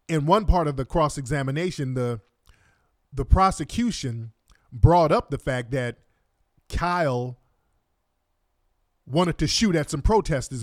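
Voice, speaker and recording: A man reacts to court footage with indignant, mocking and profane commentary. His voice sits a little high for a man and is recorded close and dry. He talks straight at his viewers, stopping and starting as he cues up clips. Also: no room sound. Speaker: online commentator.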